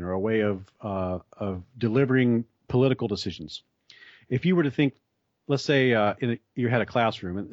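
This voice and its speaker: A man's voice: medium pitch, a little mellow, no room sound. An American man explaining ideas thoughtfully in conversation, building his points with examples. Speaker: guest explaining psychology. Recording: dull lo-fi, dry sound.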